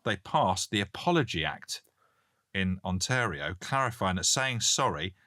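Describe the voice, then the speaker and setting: A British man with a very low voice that still sounds bright and forceful, co-hosting a podcast in easy, joking chat. The recording is dry and close, with no room sound. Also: lively intonation, measured pace, no echo. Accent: British English. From Britain. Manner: jokey, reads listener messages aloud. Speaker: podcast co-host. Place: Canada.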